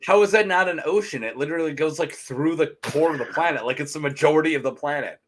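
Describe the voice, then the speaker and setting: A man's voice: on the high side, quick pace, fairly bright tone, slight background noise. A man co-hosting a fan podcast, chatting casually and rambling through his opinions. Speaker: podcast co-host.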